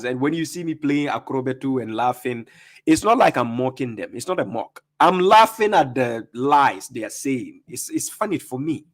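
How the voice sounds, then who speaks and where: A man's voice: mid-range voice, expressive, moderate pace. A man hosting a live stream, talking casually and greeting viewers by name, laughing often.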